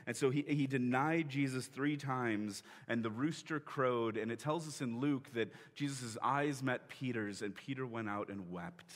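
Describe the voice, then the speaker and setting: Man preaching in a big reverberant sanctuary, relaxed retelling, acts out the dialogue. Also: medium pitch, moderate pace, hardly any pauses. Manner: conversational storytelling, acting out quoted lines with laughs. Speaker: pastor. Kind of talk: sermon. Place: church sanctuary.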